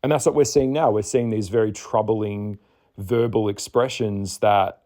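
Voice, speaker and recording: A man's voice: on the low side, fairly even intonation, normal speed, dark tone. A man giving an astrology chart reading in a candid, chatty way, swearing and laughing often. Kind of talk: casual spoken chart reading.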